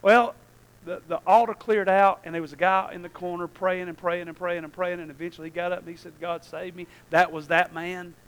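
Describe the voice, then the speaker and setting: A male preacher telling a story in a sermon, swinging from hushed asides to shouted prayers. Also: high voice, level tone, a little fast, smooth, rough recording.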